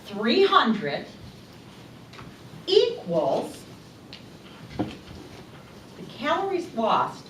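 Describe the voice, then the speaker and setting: A woman presents to a small group in a slow, deliberate way, putting questions to the room. Her voice rises and falls a great deal and sits a little high. She is recorded from a distance in a roomy space with a faint hum behind. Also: huge pitch swings. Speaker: speaker giving a talk.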